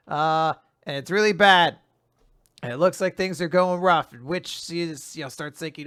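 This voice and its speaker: Podcast co-host, male, bright and smooth, dry close mic, animated quote voices. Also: fairly high pitch, unhurried, no echo. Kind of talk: casual recap chat, acting out quotes.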